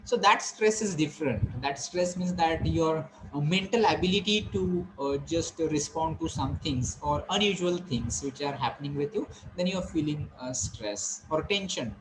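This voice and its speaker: Lecturer, a bit high. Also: male voice, moderate pace, hardly any pauses, slight background noise, poor audio. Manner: explanatory, repetitive, many fillers and restarts. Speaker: college lecturer. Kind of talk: classroom lecture.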